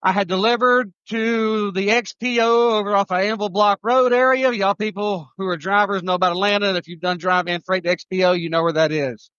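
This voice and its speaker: A man, a trucker co-host telling a road story on a live show, animated and restarting his sentences. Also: sits high, fairly quick, hardly any pauses, clean tone, dry recording, highs cut off.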